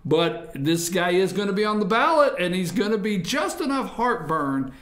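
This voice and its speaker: A man's voice: high voice, sing-song, moderate pace, fairly bright tone, reverberant. A man hosting a morning talk show, chatting casually about politics and repeating himself when pressing a point.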